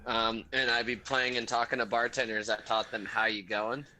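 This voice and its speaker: A man from the United States telling stories in a relaxed, rambling way during a casual livestream chat. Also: mid-range voice, a little fast, a crowd in the background. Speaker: guest. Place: home, living in Australia.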